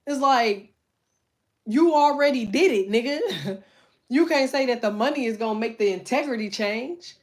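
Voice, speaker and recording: A woman's voice: on the high side, animated, moderate pace. A middle-aged woman hosting a tarot livestream, chatting casually straight to her viewers in a blunt, profane, emphatic way. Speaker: tarot reader and livestream host.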